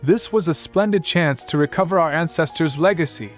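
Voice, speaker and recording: A man's voice: fairly high pitch, brisk, pitched above the performer's own voice, natural voice. A man voicing a furious, tyrannical older noble father who bellows in rage, over faint music. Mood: raging.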